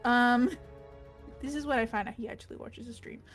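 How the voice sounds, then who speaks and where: A woman's voice: fairly high pitch, fairly even intonation, brisk, over music. A woman recapping a tabletop game session in casual chat, rambling and swearing freely.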